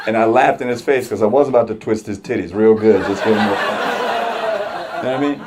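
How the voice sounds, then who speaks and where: A man's voice: lowish voice, lively intonation, brisk. A male stand-up comedian telling a profane, laid-back story on stage at a comedy club. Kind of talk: stand-up set. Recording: noisy club with crowd laughter. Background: audience laughing.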